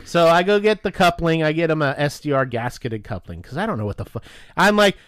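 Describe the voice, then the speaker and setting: A man's voice: on the high side, brisk, smooth, dry recording, clean studio sound. A man co-hosting a podcast, telling a profane workplace story and acting out the dialogue. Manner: animated, profane, acts out dialogue. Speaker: podcast co-host. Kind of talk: casual storytelling with friends.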